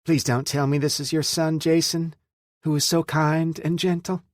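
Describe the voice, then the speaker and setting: A man voicing a resentful, sharp-tongued woman with a sarcastic, biting manner. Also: fairly high pitch, flat delivery, moderate pace, no echo, clean studio sound, voice pushed up, close to an everyday voice.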